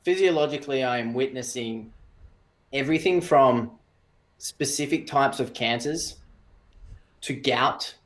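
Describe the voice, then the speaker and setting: Calm man explaining as a coach. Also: mid-range voice, unhurried, long pauses. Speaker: breathwork coach. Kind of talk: casual podcast interview.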